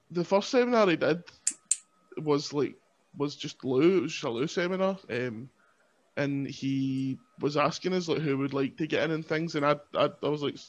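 Joking man on lo-fi audio. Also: fairly high pitch. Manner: playful, self-mocking, laughs often. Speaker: guest, pro wrestler. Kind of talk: casual podcast chat.

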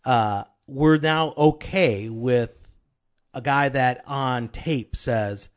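A man's voice: mid-range voice, drawn-out words. A man co-hosting a podcast in casual chat, joking and bantering playfully. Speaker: podcast co-host.

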